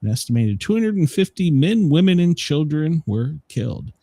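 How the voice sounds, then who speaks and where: Speaking at a normal pace in a slightly high voice with no echo, this man hosts a laid-back podcast. His storytelling is lively: he laughs often and mimics what others said.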